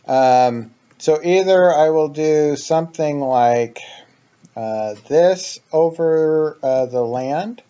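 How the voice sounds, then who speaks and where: A man in casual gameplay commentary who talks slowly and rambles through his ideas with plenty of ums. His voice is mellow and soft-edged, on a slightly dull, lo-fi mic. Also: fairly high pitch, smooth. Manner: rambling, thinks aloud with many ums. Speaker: let's play host.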